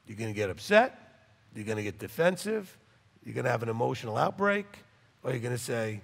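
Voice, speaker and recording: A rabbi teaching Torah to a live class, acting out dialogues with big swings in loudness. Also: male voice, a little fast, creaky. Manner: animated, acts out dialogues in wide swings of pitch and loudness. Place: hall with a live audience. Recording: long reverb in a hall.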